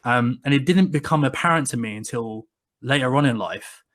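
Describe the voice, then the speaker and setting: Podcast co-host, man, thirties, mid-pitched, chatty storyteller who restarts a lot. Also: moderate pace. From England. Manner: rambling, many restarts, animated when quoting people. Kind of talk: casual conversational storytelling.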